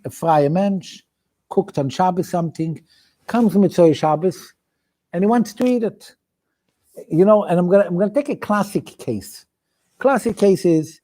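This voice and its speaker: A male rabbi leads a weekly study class in English with a strong Yiddish flavor. His voice sits high, and he moves through the material in a sing-song study cadence, thinking aloud and restarting phrases as he goes. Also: dark tone. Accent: Yiddish-inflected English. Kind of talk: Talmudic study lecture.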